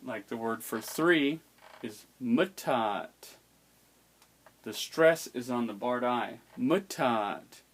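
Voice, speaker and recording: Slow, patient man teaching pronunciation. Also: mid-range voice, fairly bright tone. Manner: slow, patient, demonstrating sounds aloud. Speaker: language teacher. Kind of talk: explaining an alphabet's pronunciation.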